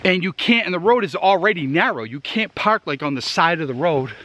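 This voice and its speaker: A man's voice: sits high, animated, a little fast, sharp tone. A man with a Massachusetts accent, chatting casually to viewers while out of breath on a woodland hike outdoors. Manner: rambling, chatty, addresses viewers directly. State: out of breath from hiking. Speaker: outdoor gear vlogger. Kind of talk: casual rambling tour while hiking. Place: outdoors in the woods.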